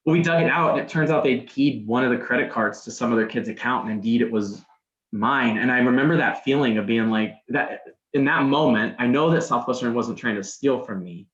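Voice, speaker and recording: A man's voice: medium pitch, brisk, fairly bright tone. Rambling man telling a story. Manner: rambling, lots of restarts and "like". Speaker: podcast guest. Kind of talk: casual storytelling. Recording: roomy, dull sound.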